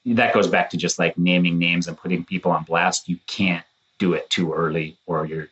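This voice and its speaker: A man in his thirties with a low voice talks through the episode in a relaxed, chatty way. He slips into playful acted-out quotes, jumping up in pitch as he goes. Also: normal speed, lo-fi sound. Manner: animated, acts out quotes in shifting voices. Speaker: podcast co-host, former contestant. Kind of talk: casual chat.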